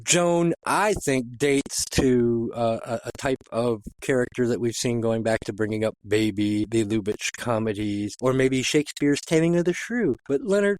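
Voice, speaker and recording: A man's voice: medium pitch, moderate pace, hardly any pauses, a little mellow, no echo. A man hosting a film podcast, leading a casual discussion with enthusiasm. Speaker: podcast host.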